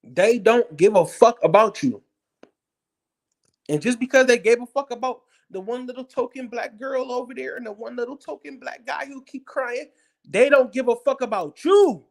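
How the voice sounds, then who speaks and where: A speaker delivering a blunt, profane, heated political rant straight to viewers, hammering the same points over and over. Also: mid-range voice. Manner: blunt, profane, combative, repetitive. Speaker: political commentator. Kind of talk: heated ranting monologue.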